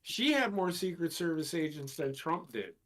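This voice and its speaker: A man's voice: on the high side, expressive, normal speed, a bit bright. A young man in a casual podcast chat who argues and pushes back on the others. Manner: argumentative, pushing back on the others.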